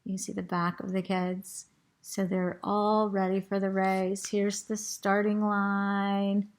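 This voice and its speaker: With a medium-pitched, level voice and a slight tickle in her throat, a woman reads to children from a storybook. Every so often she stops to point out pictures and quiz them.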